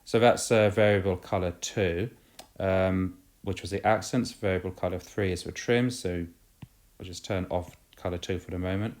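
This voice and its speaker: A man walking through a digital drawing app step by step, with casual fillers and quick self-corrections. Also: low voice, fairly even intonation, darkish tone. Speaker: video tutorial host. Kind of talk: screen-recorded software tutorial.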